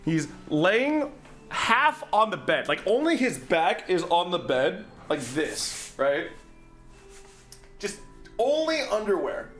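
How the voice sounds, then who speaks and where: Over soft background music, a young streamer with a high voice slowly and casually tells his viewers a story. He's animated and profane, swearing freely and breaking into excited laughs and yelps.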